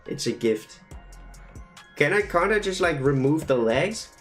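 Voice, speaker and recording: A man's voice: a little high, lively intonation, unhurried. Playful young man streaming with music. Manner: playful, joking, reads chat aloud. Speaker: streamer drawing fan creatures live. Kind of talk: casual livestream chat while drawing.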